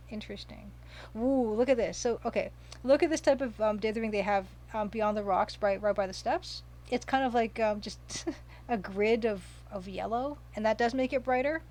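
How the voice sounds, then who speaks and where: A woman's voice: on the high side, moderate pace, darkish tone. A woman casually commenting while streaming a retro game, chatting, reading viewer comments aloud and gushing over the pixel art.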